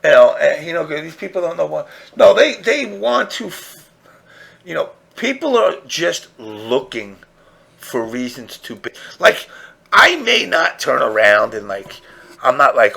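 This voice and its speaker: A man's voice: a little high, big pitch swings, moderate pace, gravelly, a bit bright. A man hosting a casual podcast, ranting crudely and rambling while mocking others in put-on voices. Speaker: podcast host.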